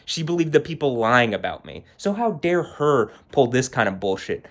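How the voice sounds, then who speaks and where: A man's voice: mid-range voice, very animated, normal speed. A man vlogging an agitated, heated rant, shaking with anger and repeating himself. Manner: agitated, heated, repetitive, swearing. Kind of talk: angry personal rant to camera.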